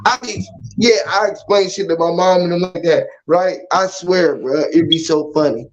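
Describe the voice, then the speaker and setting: A man with a high, lively voice hosting a casual stream, swearing freely and breaking into laughter as he tells stories. The audio is dull and lo-fi. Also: moderate pace. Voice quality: animated, profane, laughing often. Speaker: livestream host. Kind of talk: casual chat, storytelling.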